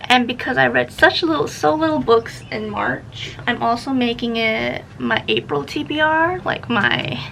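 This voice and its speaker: A woman's voice: on the high side, big pitch swings, a little slow, gravelly, hardly any pauses, fairly bright tone, a little hiss or hum, rough recording. A young woman chatting casually as a book vlogger, rambling and sidetracked while she films herself on camera. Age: young adult. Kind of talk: casual vlog chat. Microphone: camera facing her, self-filmed.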